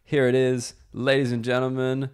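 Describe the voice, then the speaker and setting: A man's voice: mid-range voice, completely flat delivery, moderate pace, darkish tone, clean tone. A man, a podcast host and comedian, telling a loose, casual story full of fillers before chatting with his guest.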